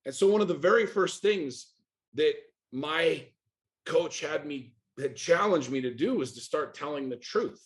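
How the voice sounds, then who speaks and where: A man's voice: fairly high pitch, expressive, a little slow. A middle-aged man from the United States, a podcast guest speaking candidly and intensely, swearing often and firing off rhetorical questions. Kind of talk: candid interview talk.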